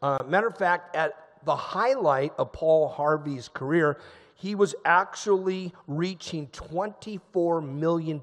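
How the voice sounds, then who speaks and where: A man's voice: on the high side, in a large hall. A male pastor preaching a sermon in a church sanctuary, telling a story in a conversational way and stressing points by repeating them. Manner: conversational storytelling, emphatic repetition.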